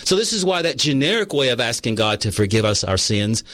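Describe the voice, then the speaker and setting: A man's voice: mid-range voice, very animated, fairly quick, fairly bright tone, dry recording. A man preaching a sermon on confession, telling personal stories in an earnest, conversational way. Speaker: pastor.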